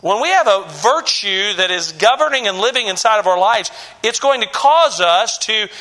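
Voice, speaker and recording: A man delivering a sermon from the pulpit in a high, bright voice. He preaches emphatically, repeats phrases for weight, and often stumbles and restarts mid-sentence. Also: expressive, moderate pace. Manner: emphatic, repetitive, with frequent restarts and stammers. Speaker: pastor.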